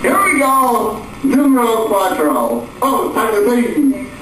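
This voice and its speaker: A man voicing a cheery male puppet waiter who sings and throws in fake Spanish words in a high, sing-song way. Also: very animated, slow, full character voice. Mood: chirpy. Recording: very echoey, distant, noisy room.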